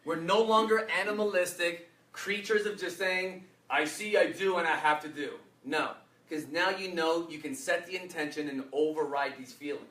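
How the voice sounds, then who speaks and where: Bright energetic man leading a workshop. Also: fairly high pitch, normal speed, hardly any pauses. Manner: energetic, quizzes the audience with fill-in questions. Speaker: workshop speaker. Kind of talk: motivational workshop talk. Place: echoey workshop room. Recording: roomy echo, mic from far off, faint noise.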